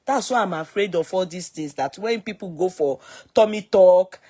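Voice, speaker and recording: A woman's voice: fairly low pitch, moderate pace, slightly rough. A woman in her thirties with a Nigerian accent, casually and dramatically telling her own story to the camera. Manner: dramatic, expressive retelling.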